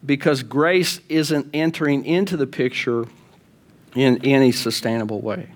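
A pastor preaches in a conversational way, often putting rhetorical questions to the congregation. His mid-range voice takes an unhurried pace.

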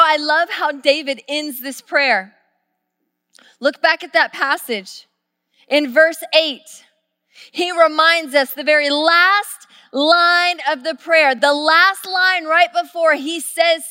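A woman pastor, preaching a sermon and telling a story, moving from hushed, intimate lines to loud, excited shouts. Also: high voice, dry recording, clean studio sound.

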